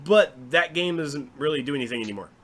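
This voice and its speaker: A man from the United States co-hosting a casual gaming chat, animated and sarcastic. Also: on the high side, fast. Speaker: podcast co-host.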